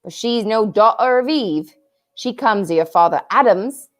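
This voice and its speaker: A woman's voice: mid-range voice, animated, normal speed, faint music behind, voice pushed up, natural voice. A woman voicing an earnest, kindly male talking beaver in a storybook, with a folksy drawl that creeps into his speech.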